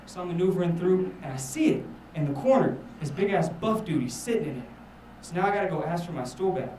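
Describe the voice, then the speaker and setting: A man's voice: sits high, lively intonation, quick pace, mellow, echoey room, recorded from a distance, slight background noise, rough recording. A man doing a rambling, self-mocking stand-up set, swearing a lot. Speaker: stand-up comedian. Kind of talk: stand-up set at a live show.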